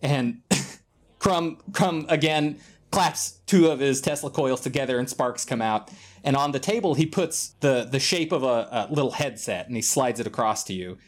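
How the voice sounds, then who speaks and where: A man narrating a tabletop game as game master, relaxed and wry. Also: mid-range voice, normal speed.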